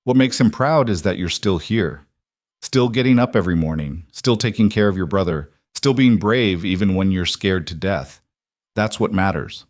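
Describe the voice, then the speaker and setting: A man reading a gentle, reassuring young teacher. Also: low-pitched, normal speed, dry recording, clean studio sound, close to an everyday voice. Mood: tender. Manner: soft, reassuring.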